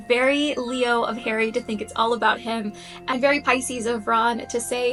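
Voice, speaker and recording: A woman's voice: a little high, steady tone, moderate pace, a bit bright, faint music behind, poor audio. A woman talking in a casual, explaining way, earnest and thinking aloud with the odd "um". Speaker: astrology content creator.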